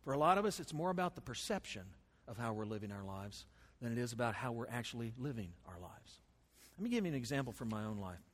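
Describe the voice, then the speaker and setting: A man preaching a sermon as pastor, folksy and animated, swinging between loud bursts and soft asides. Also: mid-range voice, fast. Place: church sanctuary with congregation. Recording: long hall reverb.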